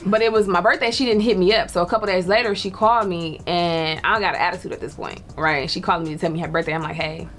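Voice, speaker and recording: A woman's voice: fairly low pitch, fairly even intonation, quick pace, hardly any pauses, fairly bright tone, soft background music. A young woman telling a story in casual chat, laughing and acting out the voices of people she quotes. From Detroit. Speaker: guest storyteller.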